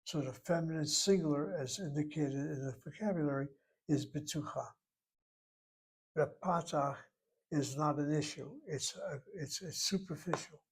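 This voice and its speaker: A man with a fairly high voice gives a methodical classroom lecture. He goes over each word more than once, breaking it into syllables for his students. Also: moderate pace, breathy edge. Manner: methodical, repeats words and breaks them into syllables. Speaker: Hebrew teacher.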